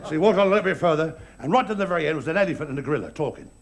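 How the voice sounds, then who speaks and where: A man's voice: fairly high pitch, lively intonation, very fast, crowd noise. A man doing a live stand-up routine, stumbling over words and giggling at his own jokes. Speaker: stand-up comedian. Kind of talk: live stage comedy routine. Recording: live stage, loud audience laughter.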